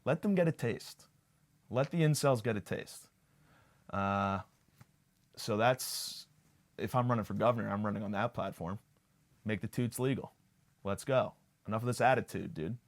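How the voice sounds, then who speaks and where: Low-voiced man doing crude comic rambling. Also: normal speed, long pauses. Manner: crude, sarcastic, rambling with fillers. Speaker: podcast host. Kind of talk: comedic monologue.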